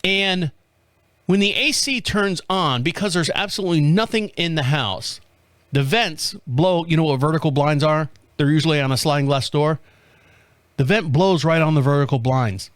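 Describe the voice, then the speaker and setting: A man's voice: a little high, normal speed, fairly bright tone, dry recording. A man hosting a podcast, telling a story casually, acting out the other people's voices, swearing freely and laughing often. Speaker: podcast host.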